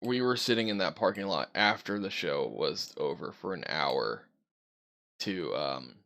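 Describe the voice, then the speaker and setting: A man with a low, expressive, creaky voice co-hosts a casual podcast chat at a measured pace. He's easygoing and rambling, full of fillers and soft laughs.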